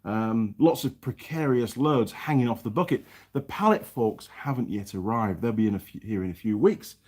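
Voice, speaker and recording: Hosting a laid-back stream from his New Zealand home workshop, this man chats along and calls out viewer names with lively hellos. His voice is husky and on the low side, at a normal speed.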